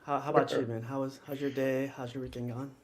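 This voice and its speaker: A man's voice: mid-range voice, little pitch movement, fast talker, crowd noise. A man hosting a casual livestream chat, friendly and upbeat, laughing often. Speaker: host.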